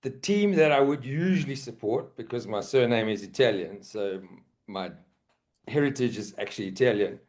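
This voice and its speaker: A man's voice: mid-range voice, animated, moderate pace, a little mellow. A man with a South African accent, a guest musician on a podcast, chatting casually in a laid-back, self-deprecating way and laughing easily.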